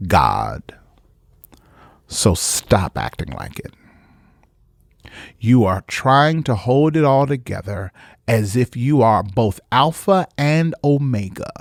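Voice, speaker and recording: A male pastor with a mid-range voice delivers an emphatic podcast sermon in clean studio sound with no room echo. His preacherly style repeats phrases and slips into casual, conversational asides.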